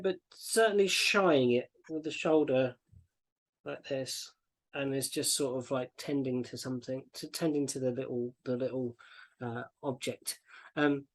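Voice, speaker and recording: A man narrating as game master of a tabletop game, describing scenes in a relaxed, rambling way. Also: medium pitch, a little slow.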